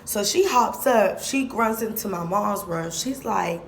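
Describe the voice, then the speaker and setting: A woman's voice: mid-range voice, normal speed, gravelly, hardly any pauses, slight background noise. A young woman vlogger telling a story in casual, slangy speech, repeating lines for emphasis.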